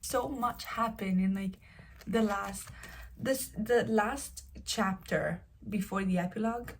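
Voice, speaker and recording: A young woman in her twenties chatting casually about books she is reading, animated and openly emotional. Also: mid-range voice, slow, slight background noise. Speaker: book vlogger. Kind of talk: casual chat.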